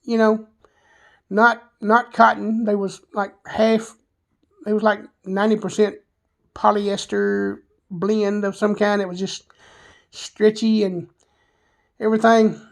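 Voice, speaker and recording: A man's voice: high voice, expressive, takes it slowly, pauses often. A man with a Southern US accent candidly telling rambling, self-deprecating stories about his past, full of filler words. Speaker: vlogger. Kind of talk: personal storytelling monologue.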